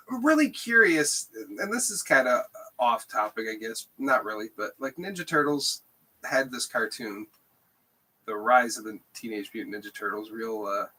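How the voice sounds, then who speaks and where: A man's voice: fairly low pitch, pushed and bright. A man co-hosting a podcast, chatting casually and laughing often. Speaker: podcast co-host. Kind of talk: casual chat.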